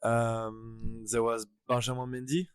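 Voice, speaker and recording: French-accented young man, smooth clear voice. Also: medium pitch, monotone, dry recording, clean studio sound. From France. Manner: halting, searching for English words. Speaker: guest. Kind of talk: casual interview chat.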